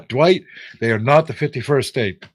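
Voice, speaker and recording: A man's voice: medium pitch, unhurried. Older man teasing his trivia chat. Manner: teasing, sarcastic, reads viewer names aloud. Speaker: livestream trivia host. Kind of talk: casual live-chat trivia banter.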